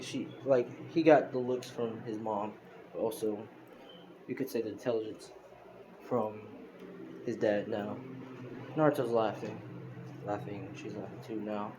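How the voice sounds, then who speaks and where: A young man with a somewhat low voice rambles through a casual retelling of a fan story, heavy on fillers and self-corrections. He was captured with a phone screen recorder, and a steady hiss is clearly audible beneath him.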